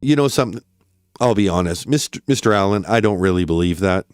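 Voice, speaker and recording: A man voicing a stern, curt male judge who speaks in a measured, deadpan way, in a dramatic reading of a court transcript. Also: deep voice, clear, resonant tone, dry recording, studio quality, voice pushed down. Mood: dismissive.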